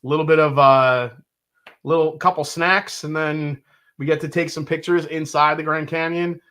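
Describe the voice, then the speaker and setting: A man's voice: on the high side, fairly even intonation, moderate pace, fairly bright tone. A middle-aged man co-hosting a casual bourbon tasting, chatty and prone to restarts as he tells a story. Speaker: podcast co-host.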